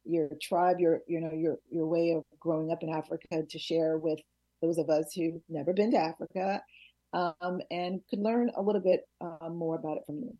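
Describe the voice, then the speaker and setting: A woman's voice: deep voice, steady tone, normal speed, warm tone, dry recording, muffled recording. A woman interviewing a guest, asking questions hesitantly while searching for words. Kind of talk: casual interview.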